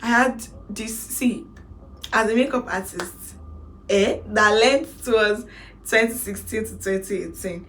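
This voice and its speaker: A woman in her twenties with a Nigerian accent, telling her own story in a casual vlog, animated and slipping into Pidgin phrases. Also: mid-range voice, takes it slowly, a little hiss or hum. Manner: animated, mixes in Pidgin, laughs to hold back tears. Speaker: makeup artist vlogger.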